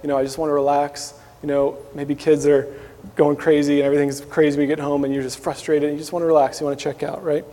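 A man's voice: fairly high pitch, little pitch movement, quick pace, mellow, big-room sound. A man giving a sermon as a pastor, in a conversational manner, often asking listeners questions and adding "right?".

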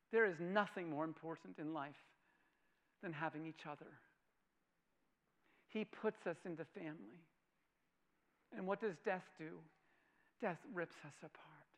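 A man delivers a sermon in a high, ringing voice. He asks his hearers questions and repeats key phrases for weight. His delivery moves between hushed, almost whispered lines and loud, bright proclamation. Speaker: preacher.

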